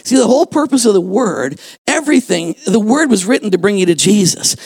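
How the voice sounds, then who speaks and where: High-voiced man preaching a fiery sermon. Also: sing-song, a little fast, slightly rough. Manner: fervent preaching with shouted emphasis and rhetorical questions. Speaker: pastor. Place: church, before a congregation.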